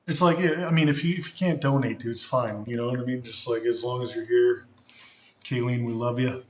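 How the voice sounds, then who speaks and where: A man's voice: medium pitch, steady tone, fairly quick. A young man hosting a livestream, chatting loosely and rambling, with lots of restarts. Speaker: streamer host. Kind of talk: casual livestream chat. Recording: roomy echoey room.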